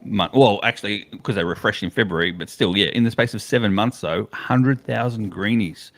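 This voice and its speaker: A man's voice: on the low side, moderate pace, a bit bright. An Australian man co-hosting a live awards stream, chatting enthusiastically and often repeating himself. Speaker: co-host of an awards livestream. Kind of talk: casual live chat.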